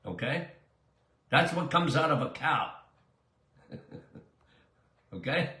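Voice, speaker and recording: A man's voice: on the high side, expressive, slow, bright, forceful tone, roomy sound. An older man, a doctor answering listener questions in a chatty, emphatic way that drifts into tangents. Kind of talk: casual call-in style Q&A monologue.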